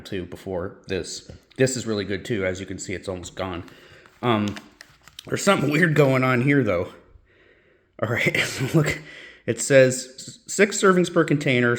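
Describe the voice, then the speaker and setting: A man's voice: mid-range voice, reverberant. A man reviewing snacks and drinks in a casual vlog, chatty and thinking aloud, often correcting himself. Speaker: food reviewer.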